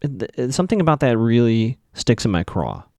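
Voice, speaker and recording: A man recapping a TV episode in a loose, chatty way, full of "uh" and "like", now and then playing out lines from the scenes. His pitch jumps around a lot as he talks. The sound is dry and close, with little room echo. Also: very animated, a little fast, warm tone. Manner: chatty, loose, many fillers, acts out characters' lines in passing. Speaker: podcast host recapping a TV episode. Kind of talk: casual solo recap.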